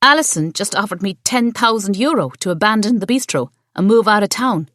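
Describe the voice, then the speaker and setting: A woman reading the part of a young Irish woman who runs a family bistro, defiant and quick to retort. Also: mid-range voice, expressive, fairly bright tone, no echo, studio quality, voice pushed up, close to an everyday voice. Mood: urgent.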